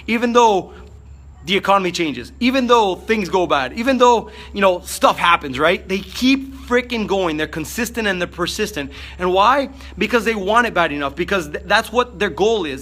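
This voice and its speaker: A man giving an energetic motivational vlog talk, fired up, with frequent fillers. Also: high voice. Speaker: motivational speaker.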